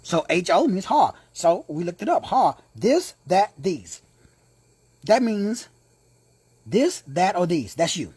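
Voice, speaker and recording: A man's voice: sits high, very animated, slow, a little mellow, breathy edge, no echo. A man teaching a sermon-style Bible lesson, emphatic and repetitive, with slangy asides to his listeners. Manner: emphatic, repeats key words, slangy asides.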